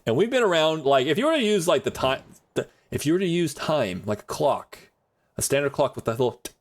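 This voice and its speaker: A man's voice: on the high side, sing-song, brisk. A man streaming live and chatting with his audience in a rambling, jokey way, laughing often.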